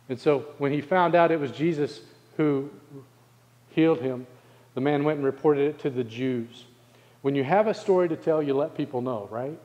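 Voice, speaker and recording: A male pastor preaching a sermon, asking the congregation rhetorical questions and slowing down to stress key phrases. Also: on the high side, a little mellow, big-room sound.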